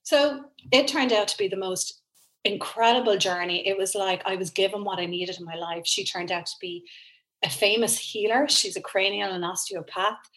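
A woman's voice: medium pitch, normal speed, low-quality recording. A woman with an Irish accent, a guest in an interview, telling a personal story earnestly and with feeling. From Ireland. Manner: earnest, emotional, animated storytelling.

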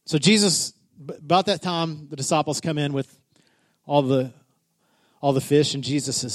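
Brief: male pastor, high voice, animated sermon storyteller. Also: moderate pace. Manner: animated storyteller, builds to shouting.

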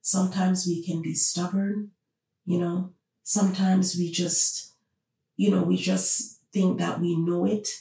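Woman host, opinionated monologue, emphatic and repetitive; gravelly low-bright tone, recorded off-mic in a roomy space. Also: flat delivery, takes it slowly, far from the mic. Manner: emphatic, repeats rhetorical questions. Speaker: podcast host.

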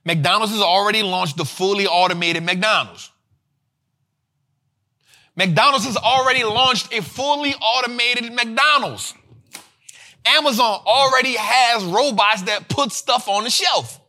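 A man with a high voice hosts a finance show, delivering energetic, casual commentary that's slangy and animated. He speaks unhurriedly and repeats lines for emphasis.

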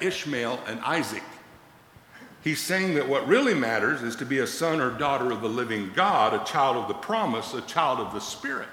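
Male pastor, sermon, animated dramatic delivery, bright voice, echoey church hall. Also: medium pitch. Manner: animated, dramatic scripture quoting.

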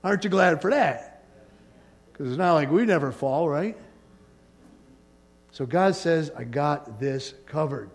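A man preaching a sermon as pastor, conversational and animated, with frequent jokes. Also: fairly high pitch, a little slow, long pauses.

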